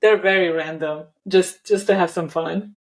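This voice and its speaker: A woman's voice: lowish voice, fairly even intonation, moderate pace, rough recording. A woman hosting a podcast interview, effusive and enthusiastic, often restarting her sentences. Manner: effusive, stumbles over words. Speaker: podcast host. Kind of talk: casual interview chat.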